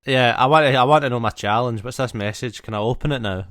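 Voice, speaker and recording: A man's voice: mid-range voice, fast talker, a bit bright, no echo, faint music behind. A young man, co-hosting a casual podcast and joking wryly. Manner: wry, joking, game for a challenge. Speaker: podcast co-host.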